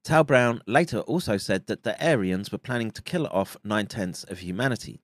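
A man delivering a monologue commentary, halting and restarting with frequent fillers. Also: fairly low pitch, expressive, dry recording, clean studio sound.

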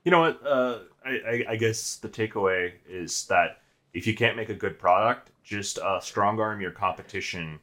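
Man, podcast co-host, low, bright-toned voice, dry asides. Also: moderate pace. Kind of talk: casual podcast chat.

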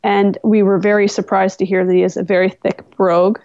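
A woman guest on a podcast, telling stories in casual conversation, animated and incredulous. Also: medium pitch, a little fast, no echo. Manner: animated, incredulous storyteller with laughs. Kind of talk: casual interview storytelling. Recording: dull, dry close-mic sound.

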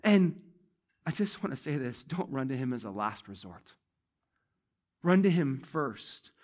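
A male pastor preaches to his church in a medium-pitched, very animated voice at a slightly slow pace. His style is conversational, circling back to key phrases and alternating booming emphasis with hushed asides.

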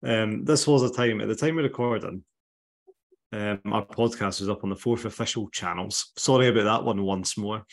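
Scottish male podcast host, low voice, wry teasing delivery. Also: normal speed. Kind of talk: casual podcast chat.

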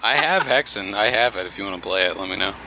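A man's voice: fairly low pitch, animated, quick pace, heavy background noise. A man co-hosting a casual podcast, slangy and joking with his friends. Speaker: podcast co-host.

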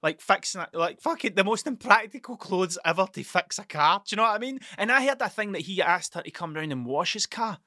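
A man's voice: high-pitched, animated, a little fast, hardly any pauses, pushed and bright, no room sound, studio quality. A man hosting a podcast, rambling through a casual monologue, swearing freely and stumbling over his words. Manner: rambling, sweary, stuttering storyteller. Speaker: podcast host.

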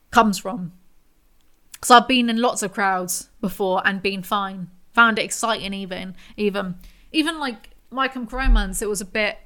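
A woman's voice: medium pitch, fairly bright tone. A young woman talking casually in a solo podcast monologue, telling stories in a chatty way and swearing now and then. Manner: chatty storytelling, with swearing and self-interruptions. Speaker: podcast host.

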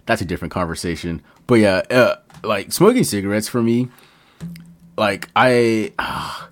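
Homme à la voix grave, animateur de podcast joueur, ton d'emcee. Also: male voice, lowish voice, lively intonation, measured pace, faint music behind. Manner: playful, dramatic emcee-style delivery, swears freely. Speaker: podcast co-host. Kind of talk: casual podcast chat.

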